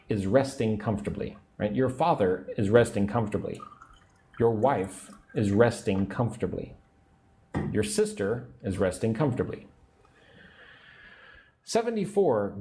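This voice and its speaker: A man teaching English on a livestream, speaking slowly and patiently and repeating phrases for learners. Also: lowish voice, lively intonation, dark tone. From United States.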